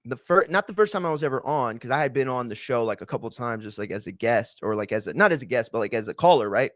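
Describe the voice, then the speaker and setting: This podcast host talks fast and animatedly, his mid-range male voice carrying a fairly bright tone. It's a dry, clean studio recording of him ranting casually, swearing a lot and using many fillers.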